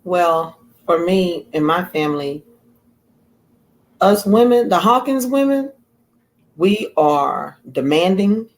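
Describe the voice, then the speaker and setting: Woman guest, animated storyteller, Black speech, acts out quotes. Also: on the low side, slow, pauses often. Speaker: guest author. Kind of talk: casual chat.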